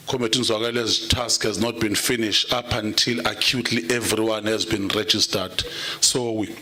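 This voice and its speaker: A man's voice: on the low side, steady tone, moderate pace, sharp tone. A man chairing a political meeting, mixing English and Zulu and calling the audience comrade. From South Africa. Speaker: program director. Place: conference hall.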